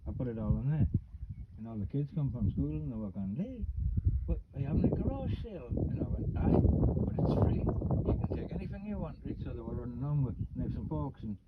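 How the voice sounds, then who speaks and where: A man's voice: mid-range voice, brisk, phone-quality sound, heavy background noise. A Geordie man in his fifties from Newcastle, chatting casually and rambling through stories, acting out what people said. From Newcastle, England. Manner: rambling, animated storyteller acting out quotes. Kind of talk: casual chat, storytelling.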